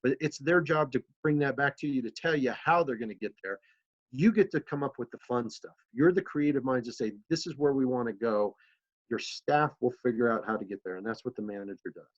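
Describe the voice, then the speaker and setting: Man, city manager, council training talk, conversational, storytelling, fillers, middle-pitched, muffled lo-fi sound. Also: brisk. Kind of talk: presentation to a council.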